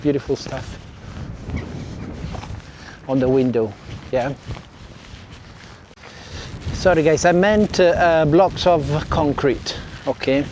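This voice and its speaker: A man's voice: on the high side, slow, pauses often, darkish tone, slight background noise. Chatty Italian-accented man vlogging outdoors. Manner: chatty, self-correcting, apologetic asides to viewers. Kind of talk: casual walking vlog. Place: outdoors by a seaside village harbour and beach. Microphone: clip mic under a jacket.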